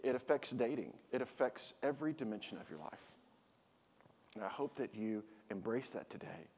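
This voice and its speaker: A man's voice: medium pitch, breathy edge. A middle-aged man preaching a sermon and telling a humorous personal story, acting out the dialogue of each person in it. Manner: animated storyteller, acts out dialogue. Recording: long hall reverb.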